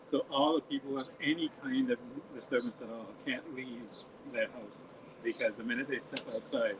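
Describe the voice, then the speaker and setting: A man co-hosting a podcast, telling a rambling story in casual chat in a soft-spoken way. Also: mid-range voice, steady tone, moderate pace. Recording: noisy home recording.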